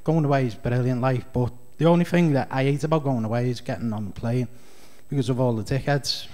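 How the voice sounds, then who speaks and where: A man's voice: mid-range voice, fairly quick, a little mellow. A man with a Scouse accent doing a rambling, chatty stand-up comedy set on a club stage. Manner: rambling, chatty, heavy on fillers.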